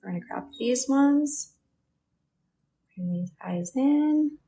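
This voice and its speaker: A woman's voice: sits high, animated, slow pace, mellow, low-quality recording. A woman livestreaming a casual drawing tutorial. She explains each step aloud and chats with viewers, thanking them by name. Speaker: livestreaming cartoon artist. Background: music playing.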